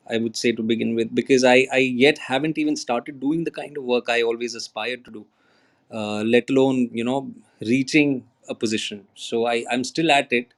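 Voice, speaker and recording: A man, an actor chatting as a guest. He talks earnestly, with many restarts and fillers, and slips into Hindi. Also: mid-range voice. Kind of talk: casual chat on an audio app.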